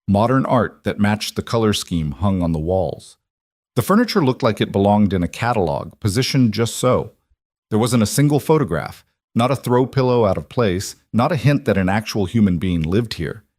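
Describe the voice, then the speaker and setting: Low-voiced man narrating a story. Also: expressive, normal speed, a little mellow, dry recording, studio quality. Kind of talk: scripted narration.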